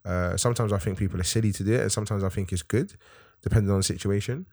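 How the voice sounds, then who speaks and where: A man explaining his view on a podcast in a hesitant, measured way with many pauses. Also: on the low side, darkish tone, no echo, clean studio sound. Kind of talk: casual chat.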